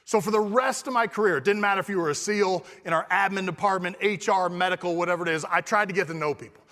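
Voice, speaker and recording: A middle-aged man from California giving a storytelling keynote speech, animated and acting out dialogue. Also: high voice, quick pace. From California, USA. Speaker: keynote speaker. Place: conference hall. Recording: long reverb of a large hall.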